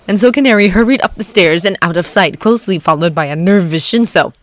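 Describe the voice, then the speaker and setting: A fan reader narrating a story chapter with an expressive delivery. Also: medium pitch, fast, hardly any pauses, no room sound. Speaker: fanfiction reader. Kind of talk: audiobook narration.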